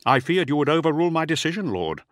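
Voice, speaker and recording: A loyal officer speaks in an earnest, measured way, pitched noticeably above the narrator's own voice, as a man puts him on. The sound is close and dry. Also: big pitch swings, dry recording. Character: loyal, calm male officer pleading.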